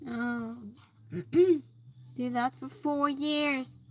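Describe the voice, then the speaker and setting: A woman streamer in casual chat, reading viewer comments aloud and reacting with animated exclamations. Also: high voice, drawn-out words.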